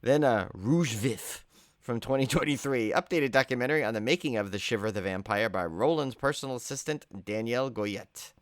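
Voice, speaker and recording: In studio-quality sound with no echo, a tired man co-hosting a podcast talks briskly at a medium pitch. He chats casually, cracking jokes and rambling off on tangents.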